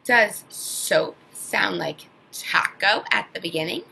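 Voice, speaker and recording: A woman teaching an online phonics lesson to young children, sounding out words slowly and with exaggerated emphasis. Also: on the low side, gravelly, sharp tone, slightly rough, rough recording.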